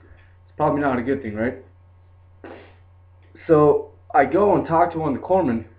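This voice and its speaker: A man's voice: fairly high pitch, moderate pace. A young man telling a story in a casual, rambling way, full of fillers like "like" and "dude". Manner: rambling, laid-back, lots of "like" and "dude". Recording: tinny lo-fi phone-like sound.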